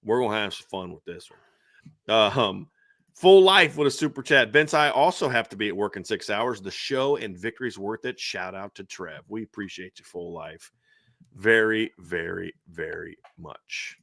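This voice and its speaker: A man's voice: fairly low pitch, lively intonation, normal speed, gravelly, a bit bright, no room sound, studio quality. A man hosting a late-night post-game sports show, talking casually and animatedly, often repeating words as he starts a sentence. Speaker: podcast host.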